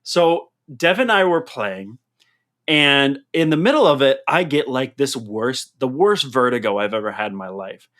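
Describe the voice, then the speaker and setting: Male podcast host, mid pitch, lively expressive delivery, casual storytelling. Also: normal speed. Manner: animated storyteller, laughs through his own stories. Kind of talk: casual chat. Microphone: headset mic.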